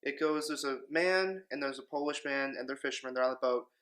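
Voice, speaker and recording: A young man, a grandchild, telling a joke to the camera in a relaxed storytelling way. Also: medium pitch, a little fast.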